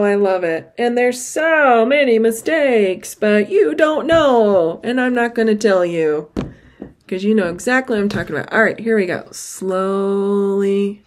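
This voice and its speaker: A middle-aged woman chatting casually to camera about her stitching, excitable and gushing, with sudden high exclamations. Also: unhurried. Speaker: cross-stitch vlogger.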